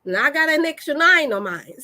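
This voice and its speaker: A woman, a wellness host telling an animated, folksy story to her listeners and laughing often. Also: high voice, normal speed. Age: 40s. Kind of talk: storytelling to a live audience.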